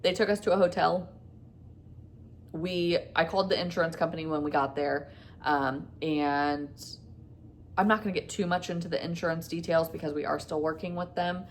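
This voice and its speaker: A woman's voice: low-pitched, steady tone, moderate pace, a little hiss or hum. A woman vlogger casually retelling a frightening event, rambling and quoting dialogue with lots of fillers. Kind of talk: casual storytime.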